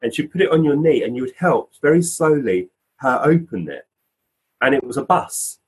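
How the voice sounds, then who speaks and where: Male guest medium, husky, animated anecdote-teller. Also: mid-range voice, normal speed, rough recording. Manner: animated storyteller, acts out quoted voices. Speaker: physical medium, podcast guest. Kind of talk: casual anecdotal storytelling.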